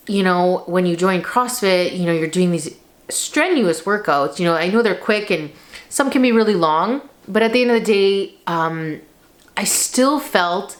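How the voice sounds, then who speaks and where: A woman in her thirties telling her personal story to camera in a casual, rambling way, full of fillers. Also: on the low side. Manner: chatty, rambling with many fillers, tearful at moments. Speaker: lifestyle vlogger.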